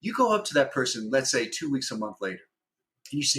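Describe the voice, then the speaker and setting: A man's voice: mid-range voice, very animated, quick pace, fairly bright tone. A man guest on a podcast, a former hostage negotiator, explaining a method step by step and often checking in with "right?". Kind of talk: explaining, instructive podcast talk.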